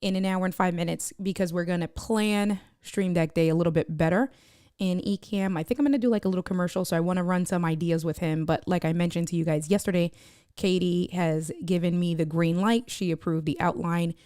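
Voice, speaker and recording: A woman's voice: on the low side, steady tone, a little fast, warm tone, clean tone, no room sound, clean studio sound. A woman live streamer chatting casually and rambling to her viewers, reading their chat messages aloud. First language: Spanish (bilingual).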